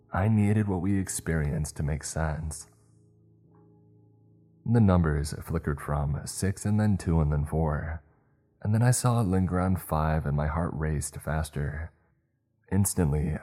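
A man reading a horror story aloud in a steady, measured storytelling manner. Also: very deep voice. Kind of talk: scripted horror narration.

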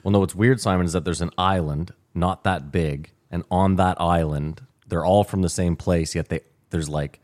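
Very deep-voiced man telling stories. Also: normal speed, hardly any pauses. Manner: animated storyteller, mimics others. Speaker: podcast co-host. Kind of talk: casual chat.

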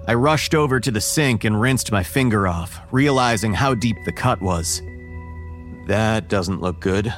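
A man narrating a first-person horror story in a measured, wary tone. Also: medium pitch, soft background music.

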